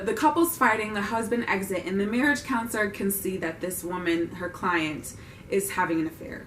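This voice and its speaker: A woman's voice: on the low side, a bit bright, slight background noise. A young woman giving a casual, opinionated film recap with wry asides. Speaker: vlogger reviewing a film. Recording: roomy, distant mic.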